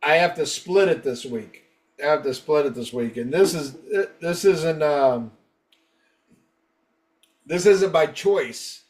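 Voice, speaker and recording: A man's voice: on the high side, slow pace, pauses often, far from the mic. A man hosting a podcast, chatting loosely and joking with plenty of swearing. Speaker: podcast host. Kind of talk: casual podcast chat.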